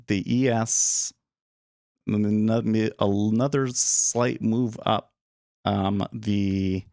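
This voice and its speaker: A man's voice: on the low side, clear, resonant tone, no echo, studio quality. A man hosting a live day trading stream, thinking aloud and rambling in a casual, self-deprecating way. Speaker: day trading livestream host. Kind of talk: live market commentary.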